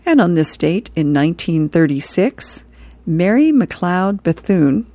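A woman host reading out comic strips and history notes in a relaxed way. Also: on the low side, unhurried, no room sound. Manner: relaxed, chuckles at the jokes.

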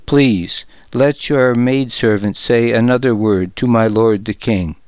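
Man narrating a grieving widow, deferential and pleading, smooth slow storybook read. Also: mid-range voice, darkish tone, dry recording, lightly acted. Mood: imploring. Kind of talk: audiobook narration.

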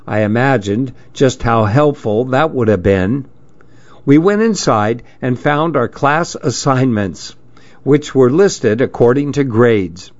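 Man, storybook narrator, first-person, deadpan, slow unhurried delivery, dull lo-fi audio. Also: mid-range voice.

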